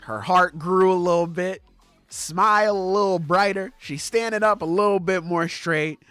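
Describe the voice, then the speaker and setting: A man co-hosting a podcast, recapping a manga chapter in casual chat, swearing freely and acting out the characters in quick voices. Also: sits high, fairly bright tone, smooth, no room sound, faint music behind. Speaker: podcast co-host.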